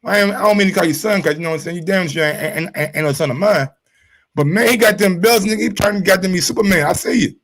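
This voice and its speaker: High-voiced, fired-up male sports show host. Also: fast talker, a bit bright, rough recording. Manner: fired up, profane, repeats words when worked up. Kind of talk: casual sports commentary.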